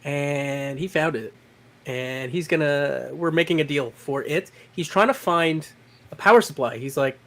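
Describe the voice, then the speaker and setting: A man from Quebec, a guest on a livestream, chatting casually over a video call in an animated way that trails off mid-sentence. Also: on the high side, unhurried. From Quebec, Canada. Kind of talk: casual group chat.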